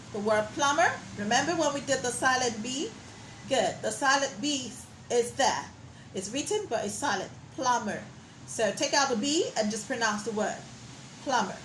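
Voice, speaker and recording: A woman teaching a pronunciation lesson, modeling sounds slowly and praising the learner as she goes. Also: a little high, a bit bright, roomy sound, slight background noise, poor audio. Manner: slow, drawn-out modeling of sounds with encouraging praise.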